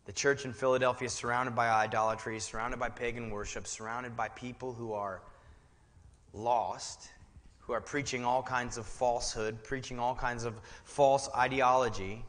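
A man preaching from the pulpit of a church sanctuary, his tone bright and forward. He slips between casual, chatty asides and rising, emphatic declarations. The sound rings out with the long reverb of a large hall. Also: mid-range voice, flat delivery, moderate pace. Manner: conversational, building to fervent emphatic preaching. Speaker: pastor. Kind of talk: sermon.

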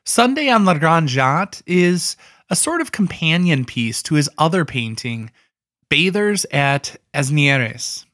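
Chatty man explaining art, fairly high voice. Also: sing-song, unhurried, a bit bright, dry recording, clean studio sound. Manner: conversational, with offhand asides and "I mean" fillers. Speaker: art history host. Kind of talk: casual explanatory art talk.

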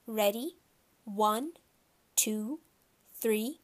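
A woman's voice: on the high side, very slow. A woman voicing a fussy, anxious mother of two boys, fretful and pleading. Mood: coaxing firm.

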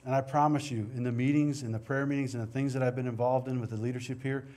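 A mellow, medium-pitched male voice with fairly even intonation comes from a middle-aged pastor preaching fast, with hardly any pauses. Standing in the church sanctuary, he mixes scripture with personal stories in an earnest, conversational way.

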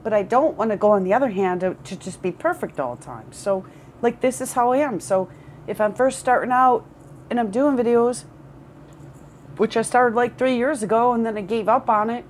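A woman's voice: fairly high pitch, moderate pace, darkish tone, a little hiss or hum. A woman recording a candid personal vlog at home, rambling, repeating words and swearing. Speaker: vlogger. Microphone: headphones with camera.

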